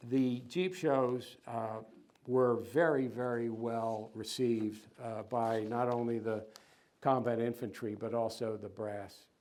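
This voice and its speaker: Middle-aged guy lecturing at a museum, chatty, lots of uhs and little laughs, mid pitched voice. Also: a little mellow. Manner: conversational, with fillers and small chuckles, reads quotes with lifted voice. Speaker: author giving a museum lecture. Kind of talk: public lecture with read-aloud passages. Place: lecture hall.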